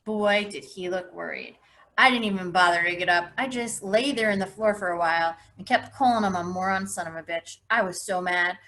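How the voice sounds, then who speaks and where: A woman teacher reads a novel aloud for her class, lending the first-person narrator an expressive, lively delivery. She sounds like she is recording a lesson. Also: lowish voice, brisk. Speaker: English teacher.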